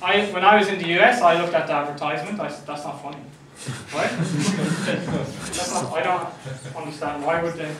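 Irish man, lecturer, high bright voice, echoey classroom from afar. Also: steady tone, racing, hardly any pauses, background noise. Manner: jokey, checks understanding often. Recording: echoey room, mic from far off.

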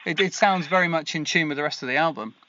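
A man with a southern English accent hosting a podcast interview, enthusiastic and quick to laugh. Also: a little high, dull audio, noisy background. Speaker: podcast host. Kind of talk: casual interview chat.

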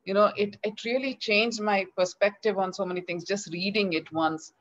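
Heard through a video call with slightly dull lo-fi audio, a middle-aged woman with an Indian English accent recounts a story in an interview, her medium-pitched voice moving at a moderate pace. This children's author brings the tale to life, animatedly performing each line of dialogue.

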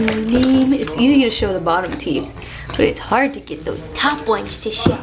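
High-voiced giggly mom vlogging at home, baby talk, echoey room, noisy. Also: female voice, animated, moderate pace. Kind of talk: casual family vlog chat. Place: home bathroom by the bath. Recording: echoey room with background noise.

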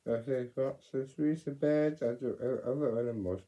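A man reading a children's picture story aloud, swinging from loud exclamations to whispered asides. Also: mid-range voice, normal speed, few pauses, dull audio.

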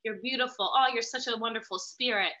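A woman's voice: on the high side, fast, bright, forceful tone, highs cut off. A woman from the US, speaking as an interview guest, reflective and candid. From USA. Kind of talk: interview conversation.

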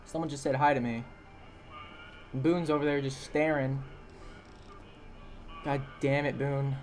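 A man's voice: medium pitch, flat delivery, unhurried, darkish tone. A young man casually narrating a recorded video game session, rambling and correcting himself as he goes. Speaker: gameplay narrator. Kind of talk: casual let's-play voice-over. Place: home room with dogs.

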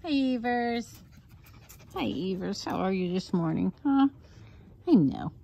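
A woman who runs a fox rescue, chatting casually to her foxes outdoors in cooing baby talk, with soft asides in between. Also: medium pitch, expressive, takes it slowly, gravelly, dull audio. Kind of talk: casual vlog talking to pet foxes.

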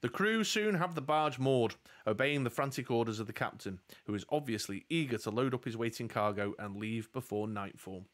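Brisk and with few pauses, a mid-range male voice narrates a fantasy gamebook live play as game master. He tells the story steadily and slips in humorous asides.

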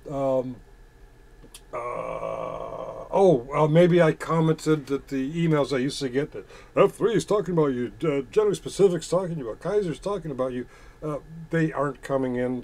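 A man's voice: on the high side, creaky, darkish tone. A man hosting a casual chat stream, reading out viewer comments and answering them in a crude, profane and mocking way. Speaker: channel host reading chat.

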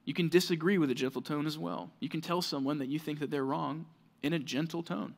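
A male pastor delivers a casual, heartfelt sermon, his voice sitting a bit higher than most men's. He talks as if chatting with the room, full of fillers and restarts, urging his points earnestly. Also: fairly even intonation, brisk, gravelly. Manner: conversational, earnest preaching with many fillers.

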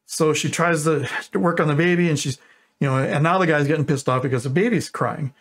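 A man's voice: on the high side, brisk, a little hiss or hum. A man in his twenties casually telling a long joke, rambling and correcting himself as he goes. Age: 20s. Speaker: YouTuber.

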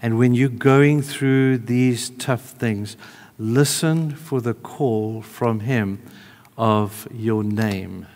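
A man preaching a sermon in a church hall, conversational, moving between emphatic calls and hushed, tender asides. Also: medium pitch, drawn-out words.

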